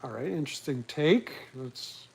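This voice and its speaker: A man's voice: medium pitch, expressive, normal speed, vocal fry, a little mellow, breathy edge, rough recording. A man casually hosting a live talk stream from home, rambling and crude with self-mocking humor. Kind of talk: casual chat. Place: at home, livestreaming from a laptop.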